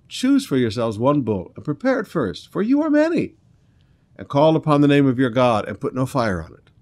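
Man preaching with dramatic swings. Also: medium pitch. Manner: dramatic, swings between loud emphasis and quiet asides. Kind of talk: sermon reading scripture with commentary.

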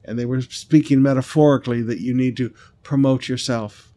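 A man preaching a sermon as a pastor, stressing and repeating lines, slowing down on scripture and telling stories in a conversational way. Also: medium pitch, steady tone, mellow. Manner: conversational storytelling asides.

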